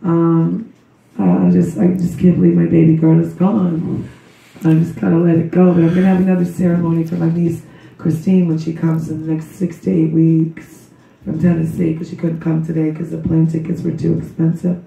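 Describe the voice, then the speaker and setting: A hoarse woman with a cold gives a rambling, emotional memorial tribute to her daughter. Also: low voice, level tone, normal speed, dark tone. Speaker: grieving mother giving a memorial tribute. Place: memorial service room. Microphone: recorded from a distance by someone in the room. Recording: dull, roomy, distant recording.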